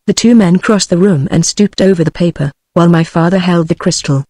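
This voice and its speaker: A text-to-speech voice narrating an old detective story audiobook in an even, mechanical reading. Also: mid-range voice, fairly quick, hardly any pauses, no room sound, clean studio sound.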